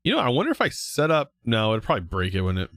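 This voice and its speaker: Relaxed, rambling male streamer. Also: mid-range voice, rapid-fire, no echo, clean studio sound. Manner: relaxed, rambling, with frequent fillers and restarts. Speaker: live streamer. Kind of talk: casual chat reading viewer comments.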